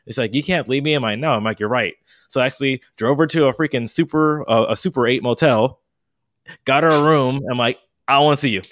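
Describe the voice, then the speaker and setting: There's no room sound around this medium-pitched, fairly bright male voice. A man in his thirties rambles through a long story in casual podcast chat, halting with many fillers and restarts, and he acts out his past lines heatedly.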